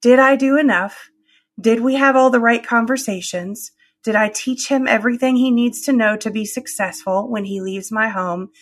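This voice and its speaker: Middle-aged woman, podcast host, emphatic and affirming, somewhat high voice. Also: normal speed. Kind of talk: faith-based podcast conversation.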